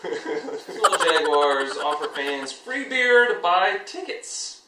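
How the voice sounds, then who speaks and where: A man co-hosting a casual chat over beers, telling crude jokes and laughing often. His voice sits a bit high, bright, and very lively in pitch. He sounds set back from the mic in a roomy space with faint music. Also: slow pace, recorded from a distance, very noisy. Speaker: podcast co-host. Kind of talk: casual beer-drinking chat.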